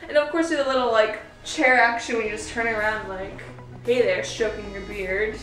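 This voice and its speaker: A woman's voice: on the high side, fairly even intonation, moderate pace, fairly bright tone, recorded from a distance. Young woman, casual tutorial chat, giggly, lots of "like", roomy echo. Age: young adult. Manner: chatty and giggly, with frequent laughs and "like" fillers. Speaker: cosplay vlogger. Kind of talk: casual makeup and costume tutorial. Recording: roomy echo, voice away from the mic, faint music.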